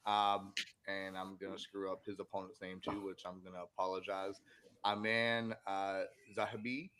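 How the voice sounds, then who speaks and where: A man's voice: low-pitched, level tone, normal speed, fairly bright tone, clean tone. A man co-hosting a sports podcast, chatting casually and rambling with many fillers and restarts. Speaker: podcast co-host.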